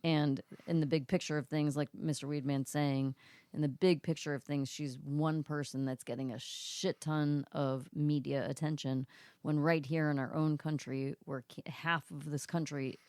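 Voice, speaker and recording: Low-voiced woman co-hosting a podcast. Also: fairly even intonation, moderate pace, darkish tone, no echo, clean studio sound. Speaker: podcast co-host. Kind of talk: casual podcast chat.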